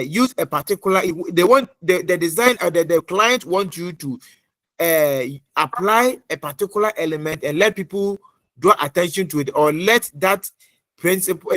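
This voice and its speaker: A middle-aged man lecturing an online class, repeating points and quizzing students with many pauses. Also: fairly high pitch, a bit bright, dry recording. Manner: repetitive, quizzing, fills pauses with uh.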